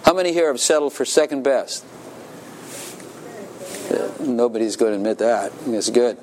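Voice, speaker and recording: A man's voice: medium pitch, normal speed, a little hiss or hum. A man preaching a sermon as pastor, laughing often and calling out to his congregation for answers. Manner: animated, laughing, calls for congregation responses. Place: church.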